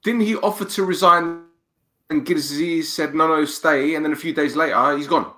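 Jokey football podcast guy, bright voice, pitched a bit high. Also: normal speed. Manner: jokey and chatty, trails off and restarts. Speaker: podcast co-host. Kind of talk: casual football chat.

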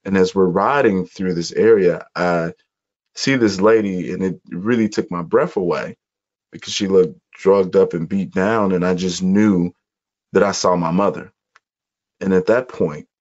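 A man from Chicago speaks as a guest in a conversation, with an earnest, reflective manner and measured pauses. His voice sits on the low side. The recording is dull and somewhat muffled. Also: a little mellow. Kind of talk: personal storytelling in conversation.

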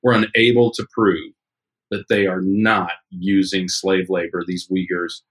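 A man's voice: low voice, little pitch movement, unhurried, slightly rough, poor audio. A man co-hosting a talk show, giving blunt, emphatic opinions in casual commentary. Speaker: podcast co-host.

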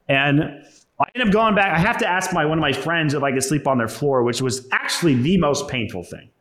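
A man's voice: fairly high pitch, quick pace, fairly bright tone. Profane, blunt young man telling his story. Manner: profane, blunt, conversational, peppered with "like" and "right?". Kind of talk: personal storytelling talk. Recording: roomy echo.

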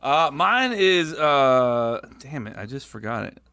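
A man's voice: mid-range voice, very animated, takes it slowly, pushed and bright, a little hiss or hum. A young man hosting a casual podcast chat, joking and self-mocking, laughing often. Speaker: podcast host.

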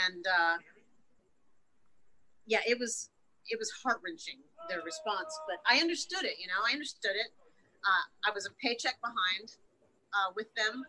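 Woman spilling her story to an interviewer, bright sharp tone, cursing a lot, raw and honest. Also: mid-range voice, lively intonation, moderate pace, pauses often, rough recording. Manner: frank and profane, emotional retelling. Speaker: interview guest. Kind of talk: candid personal storytelling.

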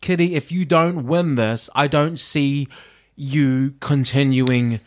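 A man co-hosting a casual chat, animated and quick to laugh. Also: mid-range voice. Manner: animated, laughs often, slips into playful mimicry. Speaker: podcast co-host.

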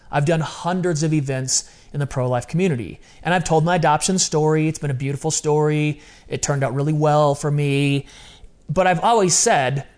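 Earnest man in his fifties, higher voice. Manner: earnest, animated, quoting himself. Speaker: guest telling his adoption story. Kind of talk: casual personal storytelling.

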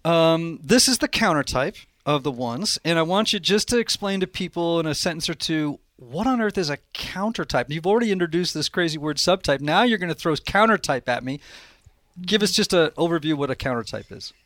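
A man hosting a conversational interview, asking brisk, playful questions. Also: fairly high pitch, lively intonation, fairly bright tone, dry recording, studio quality. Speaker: podcast host.

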